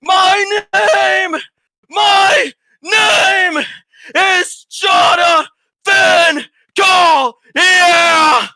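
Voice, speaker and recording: An angry, boastful wrestler roars through a promo, as a man acts him out. His voice sits very high and cuts sharply. The sound is close and dry. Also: extremely slow, creaky, no echo, some chatter behind, full character voice. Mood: furious. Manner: yelling, cursing, boastful. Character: furious brash male wrestler boasting.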